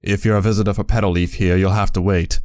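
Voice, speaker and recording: Dude doing a gruff grumpy pony guard, short and flat, a bit low. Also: male voice, fast talker, no echo, clean studio sound, lightly acted. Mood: curt. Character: gruff stallion hospital guard, curt.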